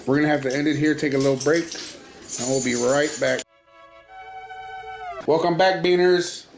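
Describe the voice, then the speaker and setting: A man's voice: a little high, fairly even intonation, moderate pace, echoey room, over music. Laid-back man telling a story. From California. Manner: laid-back storyteller acting out both sides of a conversation. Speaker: podcast co-host. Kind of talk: casual chat and storytelling.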